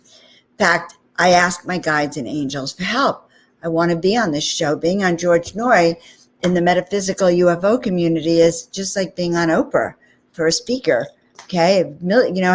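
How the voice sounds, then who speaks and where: A woman's voice: fairly low pitch, moderate pace. A woman hosting a spiritual talk channel, telling a personal story in a chatty way with frequent "okay?" and "you know" asides. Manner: animated anecdote with frequent 'okay?' and 'you know' asides.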